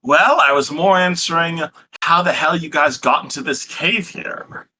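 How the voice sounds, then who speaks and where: Acting as game master for a tabletop role-playing game on a live stream, a man describes the scene into a headset or desk mic, rambling and restarting his sentences. His voice is on the high side, bright and forceful, a little slow, with slight background noise.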